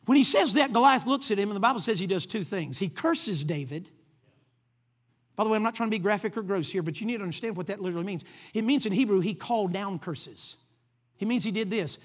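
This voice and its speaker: High voiced preacher guy, animated storytelling sermon, keeps asking for amens. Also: quick pace. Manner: animated storytelling, acting out the characters; calls for amens from the congregation.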